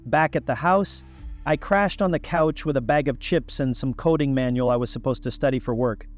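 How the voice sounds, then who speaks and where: A man's voice: medium pitch, normal speed, faint music behind. A young man narrating a first-person story in a casual, wry, conversational way.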